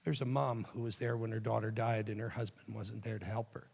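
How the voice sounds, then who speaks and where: A man giving a youth sermon, telling the story dramatically and dropping to a hushed, tender voice for quoted lines. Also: on the low side, steady tone, fairly quick, gravelly, long reverb tail. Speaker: youth speaker.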